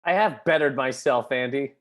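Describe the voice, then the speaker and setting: A comedian in casual panel chat, talking in a wry, self-deprecating way. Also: male voice, medium pitch, moderate pace, fairly bright tone. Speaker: comedian guest.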